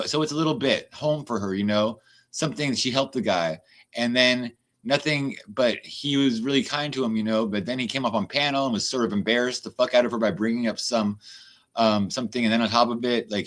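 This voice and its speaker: A man's voice: mid-range voice, fairly bright tone. A man hosting a livestream, ranting in a casual, heated way with lots of swearing and exasperated asides. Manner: profane, fast-shifting, exasperated. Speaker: livestream host.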